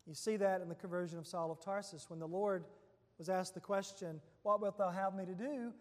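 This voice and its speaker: A male preacher retelling a scripture passage in a relaxed, conversational sermon, quoting verses as he goes. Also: sits high, a little fast, long reverb tail. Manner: conversational storytelling with quoted scripture.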